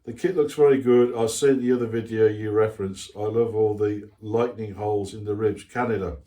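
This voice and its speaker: A man's voice: on the low side, steady tone, a little fast, mellow. An older man hosting his hobby channel, chatting casually and reading out viewer comments in a rambling, self-mocking way with lots of asides.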